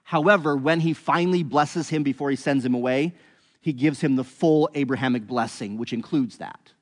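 A man teaching a bible passage, telling the story in an animated, conversational way. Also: mid-range voice, moderate pace, big-room sound.

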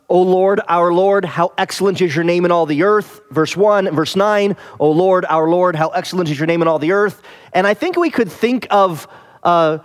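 A man preaching an expository sermon, explaining scripture in a measured, teacherly way and pausing to rephrase. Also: sits high.

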